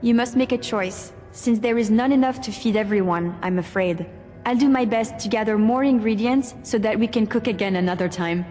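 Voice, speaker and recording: An actress voicing a polite robot chef with faux French flair, giving cooking instructions in a video game. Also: female voice, on the high side, fairly quick, dark tone, lightly acted. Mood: gracious. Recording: game audio with music and reverb.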